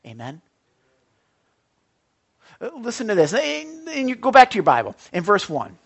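Guy preaching a bible sermon, gets worked up and loud then drops real quiet. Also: extremely high pitch, fairly quick, gravelly, breathy edge. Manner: excitable, swings from loud exclamations to hushed asides.

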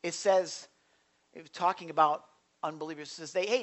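Excitable preacher, quiet to loud. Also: male voice, a little high, normal speed. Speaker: pastor. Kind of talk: sermon. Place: church sanctuary.

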